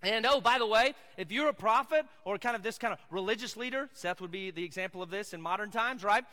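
A man's voice: sits high, quick pace, bright, forceful tone, long reverb tail. A man with a Southern American accent preaching a sermon as pastor, casual and conversational with asides to the audience.

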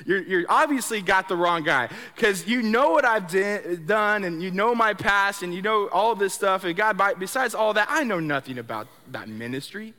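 A man giving a sermon testimony in a conversational way, stumbling over repeated words and swinging between soft low stretches and loud excited bursts. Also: normal speed, hardly any pauses. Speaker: speaker sharing his testimony. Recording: long hall reverb.

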